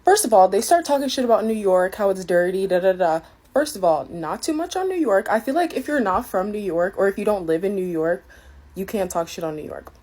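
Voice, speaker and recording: A woman's voice: mid-range voice, lively intonation, fairly quick, warm tone. A woman of Caribbean family telling a casual story in an exasperated, indignant way.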